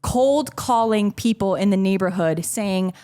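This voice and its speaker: A woman's voice: medium pitch, unhurried. A woman from Miami, a podcast guest, telling childhood stories in casual chat, acting out quotes and laughing often. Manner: animated storyteller, acts out quotes, laughs often.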